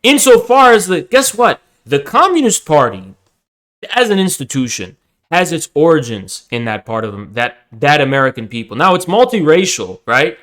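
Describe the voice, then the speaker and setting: A man's voice: a little high, sing-song, moderate pace, fairly bright tone, low-quality recording. A man streaming a debate and ranting at his chat, aggressive, taunting and profane. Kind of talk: livestream debate and rant at chat.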